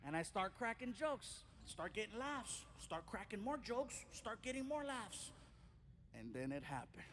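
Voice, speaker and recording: Male stand-up comic, very high voice, lively storyteller who acts out characters. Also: moderate pace, a little hiss or hum. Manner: animated, acts out characters in his stories. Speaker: stand-up comedian.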